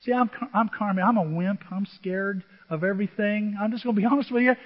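An older male pastor delivers a sermon in a high voice, swinging from hushed asides to loud, animated storytelling. The audio is dull and muffled, carried in a long, reverberant hall. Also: quick pace, few pauses. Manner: animated, self-deprecating storytelling with dramatic swings from soft to loud. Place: church sanctuary.

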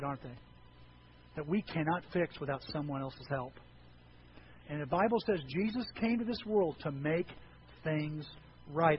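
Animated male pastor preaching. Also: high voice, highs cut off, a little hiss or hum. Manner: animated, swings from hushed to shouting. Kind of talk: sermon.

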